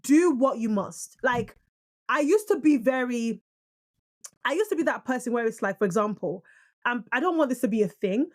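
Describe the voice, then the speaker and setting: A young woman from Nigeria co-hosting a podcast in casual, argumentative chat. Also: a little high. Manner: animated, argumentative, quick to protest. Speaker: podcast co-host.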